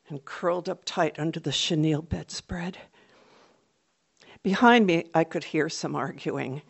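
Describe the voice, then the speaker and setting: A woman's voice: sits low, vocal fry. A woman telling a personal story on stage, vivid and dramatic.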